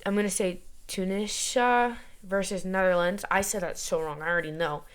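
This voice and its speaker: A woman's voice: medium pitch, fairly even intonation, normal speed, clean tone. A young woman from the United States talks to her viewers in a loose, chatty vlog. She is playful and self-mocking, rambling along at an easy pace and often laughing at herself. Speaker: vlogger. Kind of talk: casual chat.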